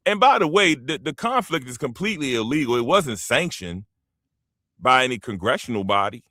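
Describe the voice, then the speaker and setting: A man hosting his own show, talking in loose, rambling opinion commentary aimed right at his audience. His pitch jumps and swoops all over the place as he stresses his points. The sound is close and dry, with no room around it. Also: brisk, no echo. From United States. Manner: animated, rambling, emphatic, addresses listeners directly. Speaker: show host.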